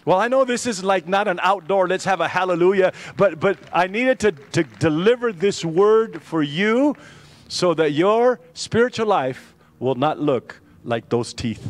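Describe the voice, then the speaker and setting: An older man, a pastor, preaching a sermon in a church, animated and joking with some irony and many restarts. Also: sits high, a little slow. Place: church sanctuary.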